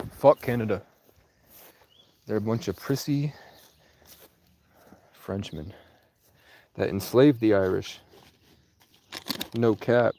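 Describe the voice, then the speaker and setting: A man livestreams outdoors in rural Vermont, rambling casually and replying to viewers' comments. His voice is on the low side and mellow, with slight background noise.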